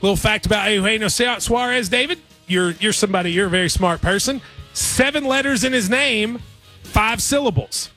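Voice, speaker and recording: A man's voice: high-pitched, moderate pace, bright, forceful tone, faint music behind. A man hosting a sports radio show, bantering playfully about picks. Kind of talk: casual sports betting chat.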